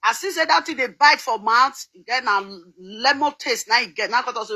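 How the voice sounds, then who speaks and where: Nigerian woman vlogger, middle-aged, high-pitched and chatty, laughs a lot. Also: expressive, a little fast, few pauses, bright, forceful tone, slightly rough, rough recording. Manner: chatty, laughs often, sings snatches. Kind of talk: casual chat.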